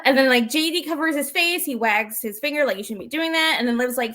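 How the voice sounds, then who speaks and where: A woman's voice: high voice, animated, fairly quick, few pauses, bright, forceful tone. A woman co-hosting a podcast, chattily recapping wrestling and acting out the lines she quotes. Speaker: podcast co-host. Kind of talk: casual wrestling recap chat.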